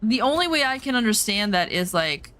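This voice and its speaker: A woman's voice: a little high, very animated, a little fast, fairly bright tone. A woman streamer chatting casually over gameplay, telling personal stories bluntly and emphatically, swearing now and then.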